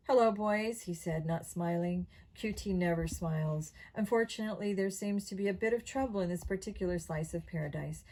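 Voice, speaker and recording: Female audiobook reader, expressive storyteller, mid-pitched, kids' mystery. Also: rough recording. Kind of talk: reading a children's mystery novel aloud.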